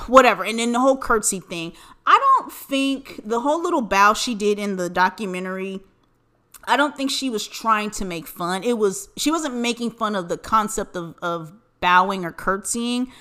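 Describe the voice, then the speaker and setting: A woman's voice: mid-range voice, fairly bright tone. An American woman hosting a podcast, ranting in casual, profanity-filled commentary. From United States. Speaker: podcast host.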